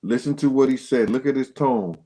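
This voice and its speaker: Speaking fairly quickly in a dark tone, this man hosts a casual livestream, addressing viewers directly in loose slang. His pitch shoots up sharply whenever he gets worked up, and the audio is rough.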